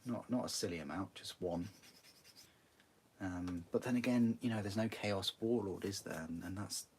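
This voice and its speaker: A man's voice: lowish voice, normal speed, a little mellow, slight background noise. A young man with a northern English accent, chatting casually and rambling while he builds models. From northern England. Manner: rambling, chatty, many restarts. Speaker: hobby streamer.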